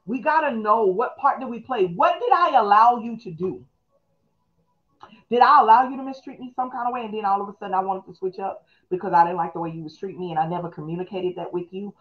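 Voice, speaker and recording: Fast-talking preaching woman, lo-fi audio. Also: medium pitch. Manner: fast, call-and-response, preacherly. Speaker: pastor. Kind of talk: live-streamed motivational teaching.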